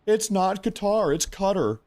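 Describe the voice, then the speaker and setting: A man mimicking a fussy, high-pitched pronunciation pedant. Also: lively intonation, darkish tone. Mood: mocking. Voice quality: high, drawn-out, mocking.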